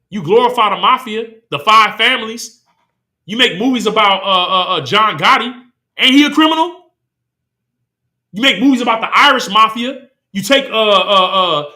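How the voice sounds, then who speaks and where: A man's voice: sits high, pushed and bright. A man preaching a sermon, heated and full of rhetorical questions, reading scripture between points. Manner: impassioned, rhetorical questions, slips into quoted voices. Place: congregation hall.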